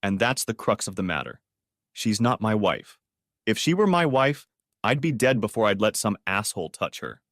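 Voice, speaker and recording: A man's voice: lowish voice, big pitch swings, moderate pace, fairly bright tone, dry recording, clean studio sound. A man voicing a bitter, heartbroken mechanic who rants in an audiobook story. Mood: angry. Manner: bitter, ranting.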